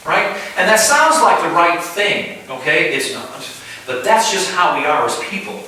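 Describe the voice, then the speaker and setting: Man, pastor, informal sermon, bright tense voice, far from the mic in a roomy space. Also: sits high, normal speed, slight background noise. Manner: animated, acts out little scenes, asks the room. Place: house church room. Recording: echoey room, mic far off.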